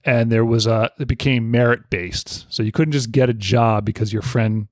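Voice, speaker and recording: A man's voice: mid-range voice, fairly even intonation, moderate pace, no room sound. Man reading history notes, dry sound. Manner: reads from notes, laughs between points. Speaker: podcast co-host. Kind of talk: casual history podcast chat.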